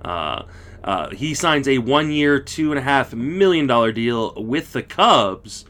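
A man hosting a casual podcast, moving it briskly from one segment to the next. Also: medium pitch, sing-song, a bit bright. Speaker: podcast host.

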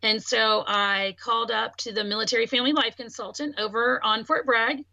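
A woman speaks in a bright, clear voice in casual podcast conversation. She tells her own story in an animated way and acts out the people she quotes. The sound is close and dry. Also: fairly high pitch, moderate pace, no echo. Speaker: podcast talker.

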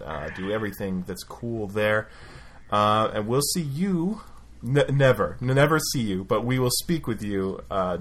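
A man's voice: mid-range voice, a bit bright. A man hosting a casual podcast, joking and swearing as he reads out a countdown of cover songs. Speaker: podcast host. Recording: noisy home podcast recording.

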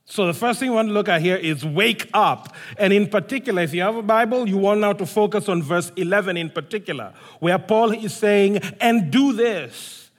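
Man, preacher, high voice, sermon, animated storytelling, long hall reverb. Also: fairly quick, few pauses. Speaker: pastor.

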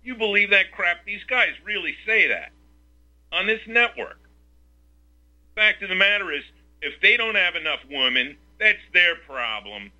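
A man's voice: sits high, animated, unhurried, sharp tone. A man hosting a talk radio show, ranting combatively and firing off rhetorical questions. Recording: lo-fi radio sound.

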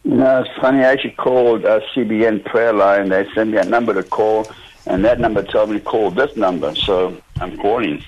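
A male caller on the phone, despairing and frustrated, speaking in a halting, heavy-hearted way. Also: fairly low pitch, a little mellow, slightly rough. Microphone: telephone. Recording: dull lo-fi phone line.

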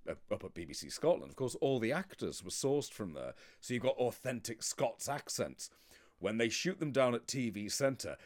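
A man from England in casual podcast chat, wry and chatty, with theatrical swoops of pitch. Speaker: podcast co-host.

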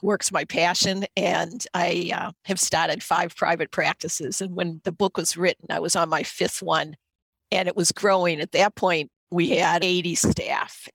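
Woman, Boston accent, middle-aged, gravelly low voice, dry close sound, earnest storyteller. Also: a bit bright, no echo. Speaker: podcast guest, author. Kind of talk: personal storytelling interview.

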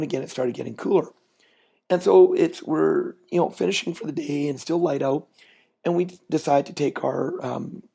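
A man's voice: a little high, creaky, mellow, husky. A middle-aged man hosting a podcast, telling a chatty, folksy story that builds to a business lesson. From Canada. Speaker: podcast host.

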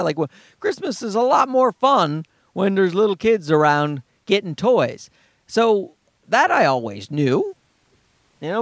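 A man in his thirties telling rambling, profane stories in a casual monologue, acting out the people he quotes. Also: no room sound. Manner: profane, rambling storyteller who acts out quoted people in a high voice.

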